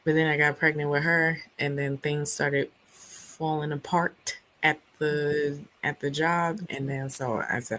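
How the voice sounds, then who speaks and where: On her book club livestream, a young woman chats and reads viewer comments, her voice not quite back after laryngitis. It's a low, somewhat bright voice with fairly even intonation and a measured pace, though she laughs a lot and acts out quotes; the audio is rough.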